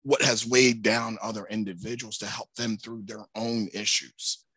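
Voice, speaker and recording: Earnest bright-toned man on a panel. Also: on the low side, normal speed, husky, no room sound. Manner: earnest, emphatic, builds to animated points. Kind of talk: conversational discussion.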